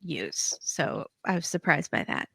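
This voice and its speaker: Bright-voiced woman chatting casually. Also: low-pitched, very animated, unhurried, creaky, breathy edge, no room sound. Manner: opinionated, quips, acts out quotes. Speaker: podcast host. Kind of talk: casual chat recapping reality TV.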